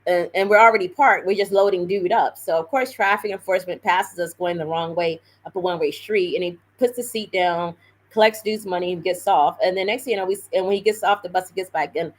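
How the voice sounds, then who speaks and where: A woman's voice: fairly low pitch, fairly quick, low-quality recording. Woman rambling through a story. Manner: rambling, animated retelling with many fillers and self-corrections. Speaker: live streamer. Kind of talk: casual storytelling.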